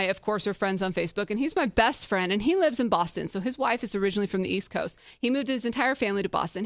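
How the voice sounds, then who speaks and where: A woman hosting a podcast, giving a conversational leadership talk in a lively way, laughing often and making self-deprecating asides. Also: on the high side, no echo. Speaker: podcast host.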